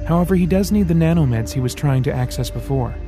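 A man voicing a possessed boy who speaks in a slow, mighty, solemn voice in an audiobook. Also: fairly high pitch, animated, warm tone, soft background music. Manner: slow, grand, commanding. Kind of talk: audiobook character voice.

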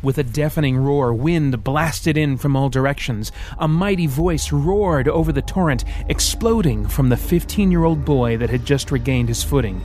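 A man narrating an audiobook in a steady, dramatic storytelling manner. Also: mid-range voice, moderate pace, few pauses, music in the background. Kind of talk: scripted narration.

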